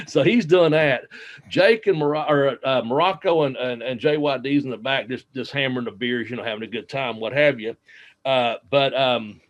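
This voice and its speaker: A former wrestler with a mid-range voice speaks at normal speed in a casual interview at home, with a smart speaker nearby. He rambles through road stories, full of fillers and laughter.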